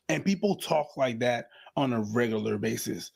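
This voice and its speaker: A man's voice: medium pitch, animated, normal speed, vocal fry, darkish tone, breathy edge. A man with a mid-range voice chats casually and jokes with others. When he quotes people, he puts on little voices. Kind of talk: casual chat.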